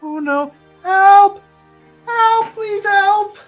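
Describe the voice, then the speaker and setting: A man playing a squeaky, gushing young woman tinkerer. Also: huge pitch swings, fairly quick, fairly bright tone, faint music behind, exaggerated voice, poor audio. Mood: panicked. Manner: breathless and gushing, jumps into high squeals.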